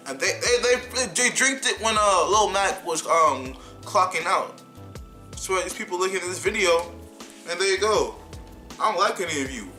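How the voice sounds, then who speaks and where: A young man vlogger telling a heated, animated story about being fired, often repeating himself. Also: medium pitch. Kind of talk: casual storytime rant.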